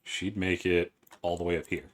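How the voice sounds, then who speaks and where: A man running a tabletop game as game master, briskly working out movement and rules aloud for his players. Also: sits low, little pitch movement.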